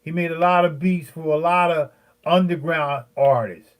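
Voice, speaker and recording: A man in his fifties, a beat maker, ranting heatedly at his viewers, profane and rambling, with many fillers and pauses. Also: a little high, fairly even intonation. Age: 50s.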